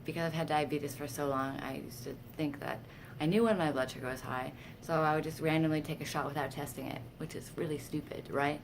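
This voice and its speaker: In her deep voice, a woman vlogger talks fairly quickly and hardly pauses against a noisy background. Her casual storytelling to camera is candid and self-deprecating, turning animated when she quotes herself.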